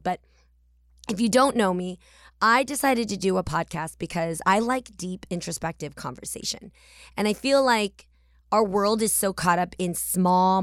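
A woman's voice: fairly low pitch, no room sound, studio quality. A woman in her forties from the San Francisco Bay Area, hosting her podcast in a candid, chatty manner with casual slang. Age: 40s. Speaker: podcast host.

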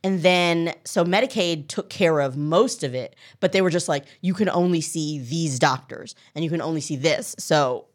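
A woman comedian as a podcast guest, telling a story in a lively way and acting out the people in it. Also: low voice, moderate pace, hardly any pauses. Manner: animated storytelling, acts out quoted people. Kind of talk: casual podcast conversation.

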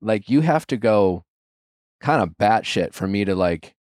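A man with a lowish voice hosts a casual podcast chat, speaking frankly and conversationally. The sound is close and dry, with no room around it. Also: lively intonation, a little slow, darkish tone, dry recording. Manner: frank, conversational, reads texts aloud. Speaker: podcast host.

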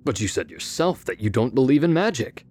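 A man's voice: mid-range voice, sing-song, brisk, a little mellow. An actor playing a sinister, giggling carnival showman in an audio drama, speaking in a gleeful, teasing way.

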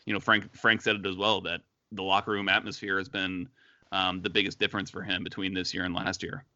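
Man, podcast co-host, casual sports chat, chatty, bright tone, dry close sound. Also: deep voice, flat delivery, a little fast, no echo, dull audio. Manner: chatty, many fillers and restarts.

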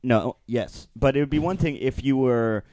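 A man hosting a casual podcast with friends, complaining loudly and theatrically. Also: mid-range voice, normal speed, dry recording. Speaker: podcast host. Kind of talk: casual chat. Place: apartment in a big city.

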